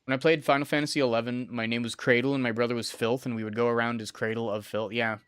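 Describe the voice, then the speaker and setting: Fast and level in tone, a young adult man with a smooth, fairly bright mid-range voice gives casual gameplay commentary on a dry recording. He swears and rambles, talking to his chat while he plays on stream.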